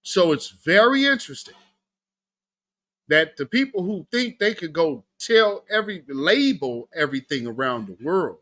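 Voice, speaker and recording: A man's voice: fairly high pitch, moderate pace. A man hosting a live stream, giving casual political commentary, talking to his chat and laughing often. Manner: animated, laughing, talks to chat. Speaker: livestream host.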